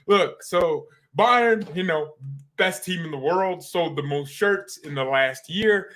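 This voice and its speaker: An excitable man hosts his fan vlog with a fairly high voice. He rambles and laughs between thoughts, swinging from gushing to dismissive. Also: a little slow. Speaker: fan channel host.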